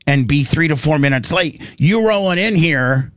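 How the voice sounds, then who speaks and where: A man's voice: on the high side, lively intonation, normal speed, no room sound, studio quality. A man hosting a radio show, teasing his co-host and cracking jokes. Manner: teasing, joking interjections. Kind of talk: casual radio chat. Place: radio studio. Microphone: studio mic.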